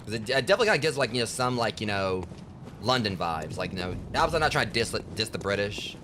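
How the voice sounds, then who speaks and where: A man's voice: on the low side, very animated, fast, background noise. Brash trash-talking man gaming streamer. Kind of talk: casual gameplay commentary.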